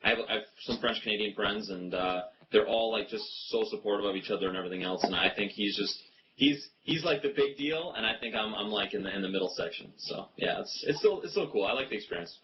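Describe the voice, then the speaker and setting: A man answering interview questions in an easygoing, halting way, laughing often. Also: lowish voice. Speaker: interview guest. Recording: muffled, with noticeable background noise.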